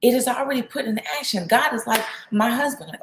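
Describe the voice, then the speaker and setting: A woman's voice: fairly high pitch, slight background noise. A woman in her thirties giving a casual devotional talk, chatting and acting out her family's lines. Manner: conversational, acts out her family's lines in quick bursts. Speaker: host of a faith talk show. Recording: roomy echo.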